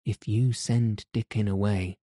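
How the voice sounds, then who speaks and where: A man voicing a stubborn, sharp-tongued young girl with blunt, sour retorts. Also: fairly low pitch, fairly even intonation, unhurried, dry recording, studio quality. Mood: defiant.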